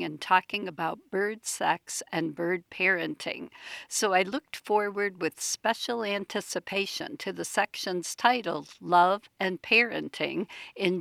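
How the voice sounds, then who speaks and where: A woman in her sixties, a writer on birds, reading a personal essay in a chatty, wry way with lively asides. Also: lowish voice, creaky, no echo. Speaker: bird writer.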